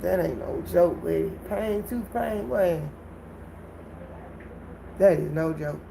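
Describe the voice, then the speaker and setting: A woman hosting a casual livestream, telling a story to her viewers in an animated way and laughing often. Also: fairly low pitch, slow, gravelly, noisy background. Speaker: livestream host.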